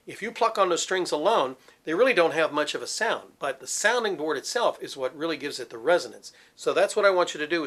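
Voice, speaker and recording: Male voice teacher, middle-aged, bright ringing tone, slightly high voice, demonstrative and explanatory. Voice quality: resonant, focused head voice. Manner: demonstrative, explains with sung examples. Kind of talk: vocal technique lesson.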